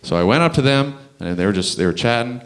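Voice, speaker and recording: A man's voice: mid-range voice, lively intonation, quick pace, background noise. A young man from Canada doing a stand-up comedy set on a club stage, chatty and chuckling through his punchlines.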